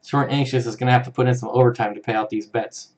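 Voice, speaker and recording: A man's voice: medium pitch, fairly even intonation, fast, a little mellow. A man hosting a casual live stream, reading out viewer comments in an easygoing way and chuckling often. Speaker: live-stream host for an aquarium channel.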